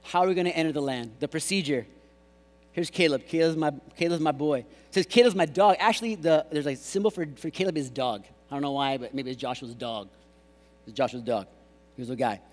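A man preaching a sermon as pastor, animated and jokey, mimicking voices. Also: on the high side, fairly quick. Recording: long hall reverb.

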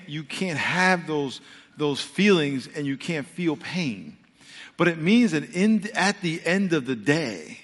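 A pastor preaching a sermon. He tells the story dramatically and acts out the voices, then drops to a low, earnest hush. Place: large church sanctuary. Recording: church hall with long reverb.

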